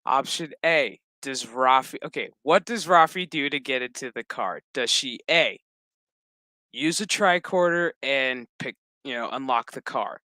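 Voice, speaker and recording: A man's voice: medium pitch, a little slow, no room sound. A man casually recapping a TV episode, swearing freely and joking as he goes. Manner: profane, joking, animated storytelling. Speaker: show recap host.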